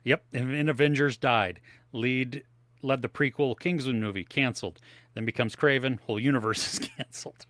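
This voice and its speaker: A man's voice: medium pitch, moderate pace, fairly bright tone. A man co-hosting a live movie podcast from his home office, chatting loosely and eating snacks on air. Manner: rambling, tries snacks on air. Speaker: podcast co-host. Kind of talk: casual live-stream chat. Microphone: home office setup.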